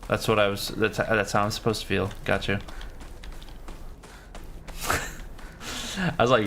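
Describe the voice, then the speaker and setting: This man's lowish voice is animated, pushed and bright, moving at a moderate pace with long pauses, and there's slight background noise. He's livestreaming a horror game, reading chat and chatting casually with viewers, joking around and swearing without restraint.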